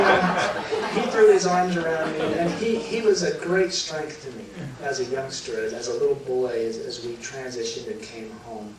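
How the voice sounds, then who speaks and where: A middle-aged man telling an emotional personal story to a live audience, halting and restarting, choking up at times. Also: medium pitch. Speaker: guest telling his near-death story. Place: large hall before a live audience. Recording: very echoey hall, voice from far off, clear room noise.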